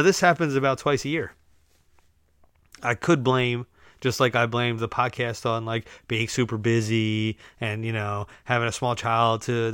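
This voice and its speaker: A man's voice: mid-range voice, a bit bright, clear, resonant tone, dry recording, studio quality. A young man hosting a casual solo podcast, ranting sarcastically and laughing at his own jokes. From United States. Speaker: podcast host.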